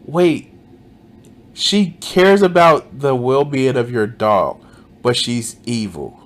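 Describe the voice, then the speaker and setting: A man reacting to a video, cursing in exasperation, trailing off mid-sentence and pausing the clip to comment. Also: medium pitch, animated.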